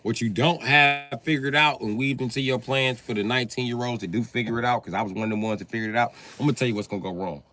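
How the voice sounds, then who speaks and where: A man's voice: fast, hardly any pauses. A man doing a profane comedy rant on a live stream, breaking into put-on voices. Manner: profane, animated, acts out voices with big pitch jumps.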